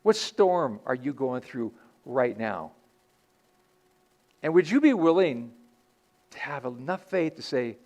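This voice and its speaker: A man's voice: medium pitch, big pitch swings, takes it slowly, long pauses, darkish tone. A man preaching a sermon in a church as pastor, earnest and conversational, often restarting his sentences.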